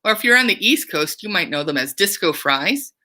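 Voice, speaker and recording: A woman's voice: on the low side, animated, fairly quick, sharp tone. A young woman who works as a camp counselor, giving a cheerful, playful online music lesson for children.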